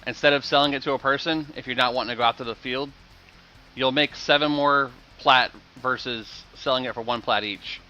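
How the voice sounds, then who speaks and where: A man's voice: medium pitch, fairly even intonation, a little fast, sharp tone, lo-fi sound, faint music behind. A man streaming a game live, chatting casually with viewers, explaining prices and thanking them for gifts.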